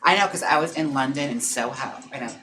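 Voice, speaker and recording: A man's voice: mid-range voice, sharp tone, slight background noise, low-quality recording. A young adult man, a drag performer, chatting casually on a live stream, gossipy and full of "like" and "girl" as he reads viewer comments. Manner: chatty and gossipy, lots of "like" and "girl", quick laughs. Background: background music.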